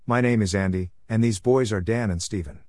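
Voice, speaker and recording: An easygoing father greets everyone and jokes about breakfast, voiced by a male reader. The voice is low and plainly read, with a dry sound. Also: brisk, a little mellow, no echo, close to an everyday voice. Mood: friendly. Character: friendly dad arriving with two sons.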